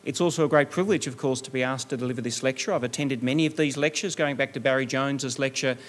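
A middle-aged man with an Australian accent delivering a formal public lecture in a measured, articulate manner. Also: mid-range voice. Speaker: guest lecturer.

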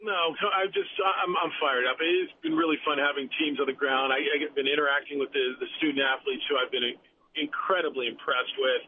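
A man's voice: mid-range voice, steady tone, fairly quick. A man, an executive director, talks chattily on a call-in radio interview, often repeating words as he restarts. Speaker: bowl game executive director. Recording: tinny phone line with faint noise.

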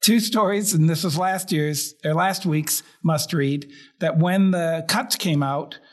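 A man's voice: fairly high pitch, unhurried. A man co-hosting a sports podcast, telling stories in a rambling way with many fillers and easy laughter. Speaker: team writer and podcast co-host. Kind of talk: casual sports chat.

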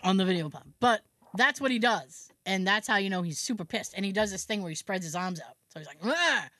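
A woman's voice: mid-range voice, fast, no room sound. A woman co-hosting a podcast, telling a family story in casual chat, acting out relatives' lines with laughter. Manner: animated, acts out family members' lines; frequent "like" fillers and laughter. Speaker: podcast co-host.

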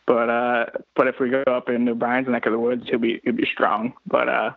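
A man from Florida, a racer calling in as a podcast guest, chatting in a relaxed, slangy way. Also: mid-range voice, moderate pace, creaky, no room sound. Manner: laid-back and slangy. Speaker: guest, flat track racer. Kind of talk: casual phone-in chat. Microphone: phone. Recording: tinny dry phone line.

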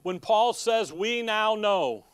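A man's voice: high-pitched, animated, slow pace, clear, resonant tone, no room sound. Emphatic man preaching a folksy sermon. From Midwestern United States. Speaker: pastor.

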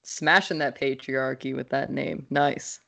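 A woman's voice: a bass voice, fairly even intonation, unhurried, gravelly, a bit bright. A young adult woman co-hosting a podcast, joking around and slipping into playful announcer-style bits. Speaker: podcast co-host. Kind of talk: casual podcast chat.

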